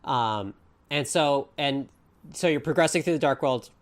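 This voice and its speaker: Measured woman podcast host. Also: extremely low pitch. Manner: measured, encouraging interviewer. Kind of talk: casual chat.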